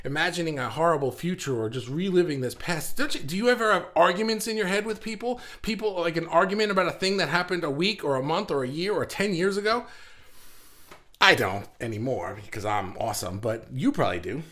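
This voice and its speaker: A man's voice: on the high side, lively intonation, brisk, pushed and bright. A middle-aged man hosting a casual live stream, chatty and rambling, reading viewer comments and laughing at himself.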